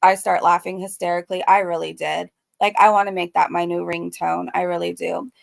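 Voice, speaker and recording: A woman's voice: fairly low pitch, flat delivery, brisk, vocal fry, dry recording. A woman giving a blunt, casual commentary recap who swears freely. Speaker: YouTube commentator.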